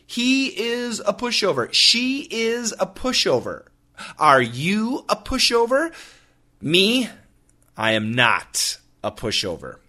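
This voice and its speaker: A middle-aged podcaster teaching English casually jokes around, explaining words through silly put-on voices. He sounds high-pitched and sharp, slow, with huge swings in pitch.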